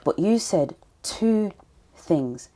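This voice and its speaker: Low husky woman hosting. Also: animated, very slow, dark tone. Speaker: podcast host. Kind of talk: interview conversation.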